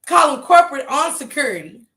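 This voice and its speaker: Woman host, crisp sharp voice, loose profane storyteller who laughs a lot. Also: high-pitched, a little fast. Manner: animated, profane, laughs often, acts out others' lines. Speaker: livestream host telling a story. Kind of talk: casual storytelling to viewers.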